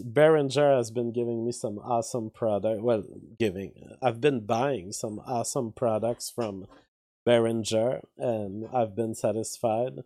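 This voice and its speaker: A man's voice: mid-range voice, dark tone, dry recording. A man doing casual political commentary on his channel, rambling with many fillers and restarts, speaking into a studio mic from his home studio. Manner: reads chat comments aloud. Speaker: YouTube commentator. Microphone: studio mic with outboard gear.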